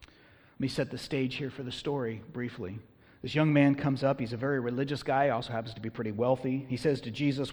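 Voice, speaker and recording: A man preaching a sermon as pastor, talking conversationally and punching words with bursts of loud emphasis. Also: medium pitch, brisk, long reverb tail.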